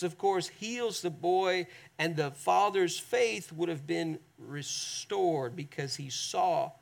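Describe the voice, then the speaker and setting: A man's voice: high-pitched, creaky, a bit bright. A man preaching a sermon as pastor, reading scripture dramatically and talking conversationally to his congregation. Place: church, streamed online.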